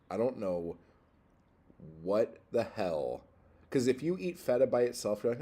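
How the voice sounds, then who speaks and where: A man's voice: medium pitch, lively intonation, a little slow, warm tone, slightly rough. A man hosting a casual livestream, reading chat and rambling, profane and easily worked up.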